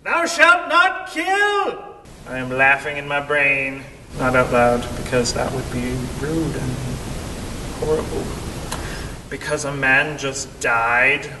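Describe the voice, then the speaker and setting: A young man telling a story in an animated way, acting out the voices of the people in it. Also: takes it slowly. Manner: animated, acts out quoted voices. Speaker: vlogger. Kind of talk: storytelling vlog. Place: cave. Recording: echoey cave, distant mic, faint rumble.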